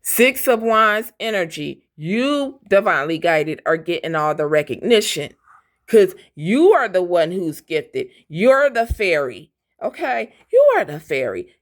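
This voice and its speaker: A woman's voice: fairly low pitch, big pitch swings, measured pace. A woman giving a fiery, profane tarot reading, blunt and defiant. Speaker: tarot reader.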